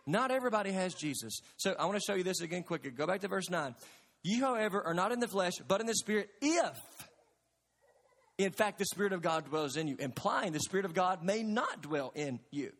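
This sermon comes from a pastor whose high, ringing, slightly bright voice moves briskly and with animation. He speaks earnestly and emphatically, firing questions at the congregation while his words echo with long reverb across the spacious sanctuary.

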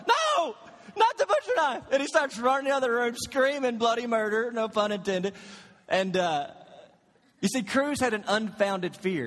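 A man, around his thirties, preaching a sermon as pastor in a church, telling stories and moving between hushed moments and loud, emphatic ones. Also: high-pitched, in a large hall. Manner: storytelling preacher, swings from quiet to loud. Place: church sanctuary.

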